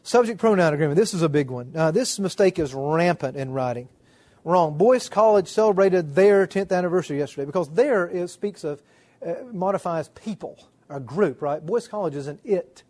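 Middle-aged man, writing lecture, wry and grumpy teacher, slightly high voice, mimics students. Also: expressive, moderate pace, darkish tone. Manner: wry, self-deprecating, mimics people he quotes. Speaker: writing instructor. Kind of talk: classroom lecture.

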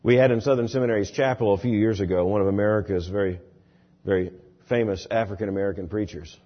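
A man preaching a sermon, expressive, dropping low and soft, then rising loud and emphatic. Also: quick pace, highs cut off.

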